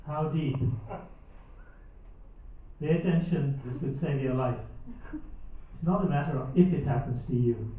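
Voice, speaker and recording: Deadpan stand-up man in an echoey hall. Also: medium pitch, normal speed. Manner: dry, deadpan delivery with mock-serious warnings. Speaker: stand-up comedian. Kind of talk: stand-up comedy set. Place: theatre stage before a large audience. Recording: echoey, distant, phone-like live hall recording. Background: audience laughter.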